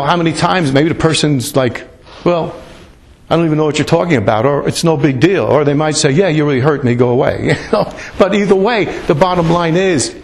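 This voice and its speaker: A man's voice: fairly high pitch, a little hiss or hum. A man preaching a sermon in a loose, conversational way, with asides and repeated words. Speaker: pastor. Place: church.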